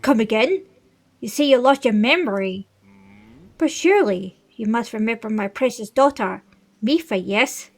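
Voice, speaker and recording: A woman's voice: fairly high pitch, animated, normal speed. A woman voicing a stately old fish-folk king. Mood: nostalgic, pleading. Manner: formal, stately reading of game dialogue. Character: older male fish-folk king, regal and fatherly. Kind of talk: reading video game dialogue aloud.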